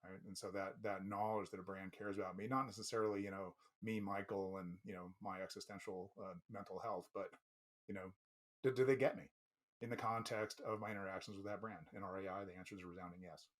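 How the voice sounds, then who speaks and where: A man's voice: low-pitched, little pitch movement, fast, fairly bright tone. A man being interviewed as a company president, talking thoughtfully and loosely with fillers and restarts. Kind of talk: casual interview chat.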